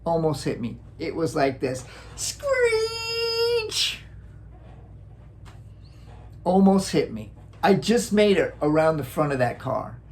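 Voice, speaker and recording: A man from Wisconsin tells a childhood story in a relaxed, casual way. His voice is gravelly and swings up and down a lot as he acts out sound effects and chuckles between lines. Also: a little high, moderate pace, hardly any pauses. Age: adult, looking back on childhood. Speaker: vlogger.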